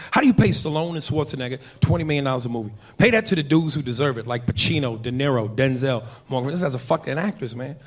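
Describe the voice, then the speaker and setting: A male stand-up comedian performing profane, conversational stand-up comedy in a noisy live room. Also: fairly high pitch.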